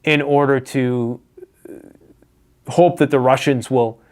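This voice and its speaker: A man's voice: mid-range voice, steady tone, takes it slowly, a little mellow. A Canadian man giving casual political commentary on prepper news, blunt, sarcastic and profane. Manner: blunt, sarcastic, profane, mocking put-on voices.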